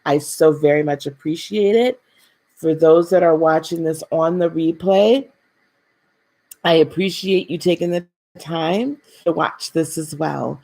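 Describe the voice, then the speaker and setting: A woman hosting a live spiritual talk, speaking gently and repeating phrases for emphasis, addressing her viewers as beloved. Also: low voice, a little slow, gravelly. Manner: speaks directly to viewers, calls them beloved.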